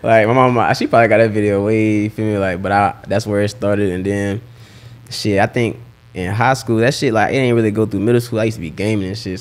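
Fast-talking young rapper with Southern accent. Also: male voice, lowish voice. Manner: laid-back slang-heavy storytelling. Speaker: rapper and guest. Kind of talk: casual interview chat.

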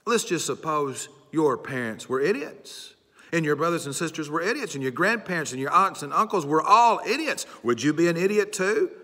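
A man's voice: a little high, animated, normal speed, bright, forceful tone, voice pushed up. A man voicing a condescending male atheist college professor who mocks and lectures his students. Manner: mocking, lecturing. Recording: long church hall reverb.

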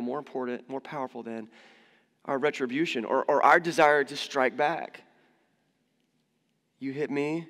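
A man preaching a sermon as pastor in a church, conversational and animated, acting out quoted voices. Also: a little high. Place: church hall. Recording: long church reverb.

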